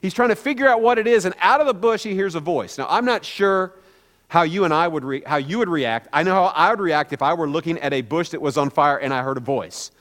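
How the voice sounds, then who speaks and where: A man's voice: fairly high pitch, fairly quick, fairly bright tone, big-room sound. A man preaching a conversational sermon as a pastor, telling a story informally with many "kind of" hedges.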